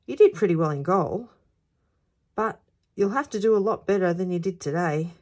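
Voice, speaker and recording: A woman's voice: fairly low pitch, lively intonation. A woman voicing a kind boy who leads a children's football gang, in a storybook read aloud. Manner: kind, bright and brisk. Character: kindly boy gang leader.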